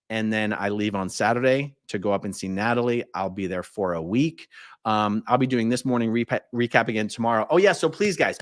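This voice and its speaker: Stepping in to host a laid-back livestream, this American man has a medium-pitched voice and a clean studio sound with no room noise. He keeps things conversational, reading out viewers' comments with plenty of filler words.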